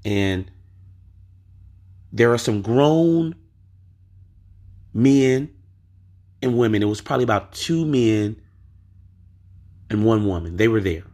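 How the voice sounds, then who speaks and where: A man's voice: fairly low pitch, expressive, takes it slowly, long pauses, dark tone. A man hosting a podcast, telling a story in a casual monologue and pressing his point with rhetorical questions. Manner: emphatic, asks rhetorical questions. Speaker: podcast host.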